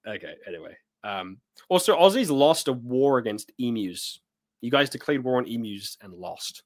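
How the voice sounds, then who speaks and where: A New man hosts a laid-back live chat. His delivery is loose and teasing, full of fillers and self-corrections. His voice sits at an average pitch for a man. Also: big pitch swings, normal speed. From New Zealand. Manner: loose, joking, with many fillers and restarts. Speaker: host. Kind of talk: casual livestream chat reading comments.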